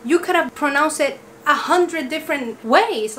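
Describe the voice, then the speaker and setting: Woman, Spanish accent, high voice, emphatic vlog rant, faint background hiss. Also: animated, a little slow, a bit bright. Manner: emphatic, exasperated, keeps checking in with "okay?". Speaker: vlogger. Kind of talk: casual talking-to-camera rant.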